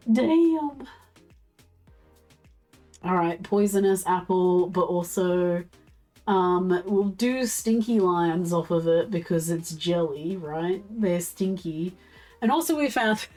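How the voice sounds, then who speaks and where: An Australian woman with a hoarse, fading voice, chatting casually as a livestream co-host. She giggles a lot and reads out chat. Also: medium pitch, darkish tone. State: hoarse, losing her voice. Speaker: stream co-host and moderator.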